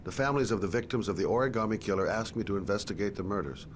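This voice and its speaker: A man's voice: on the low side, racing, slight background noise, close to an everyday voice. A man voicing a weary, persistent male private detective in a video game, talking in terse, clipped lines. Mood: questioning. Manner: terse, clipped inner thoughts. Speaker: game character.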